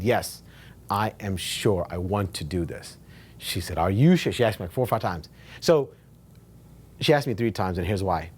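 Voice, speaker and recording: Animated man telling his own story. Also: on the low side. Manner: animated, swears casually, repeats himself for emphasis. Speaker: real estate agent sharing his story. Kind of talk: casual storytelling talk at a meetup.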